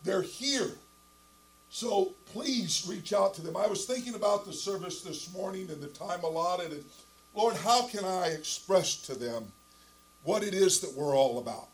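A man's voice: sits high, animated, unhurried, rough recording. An older man preaching a sermon, telling a story with emphatic repetition and asides to the pastor. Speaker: guest preacher.

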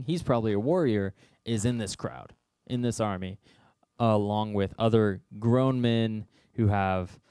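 A young man delivering a casual sermon to a youth group. His storytelling is joking and conversational. His voice sits on the low side, and the recording is dry and close. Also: darkish tone, smooth, no echo. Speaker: youth speaker.

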